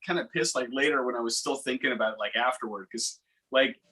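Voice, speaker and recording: A man's voice: mid-range voice, quick pace, pushed and bright, low-quality recording. A man chatting on a casual live stream, rambling loosely with lots of filler words and swearing.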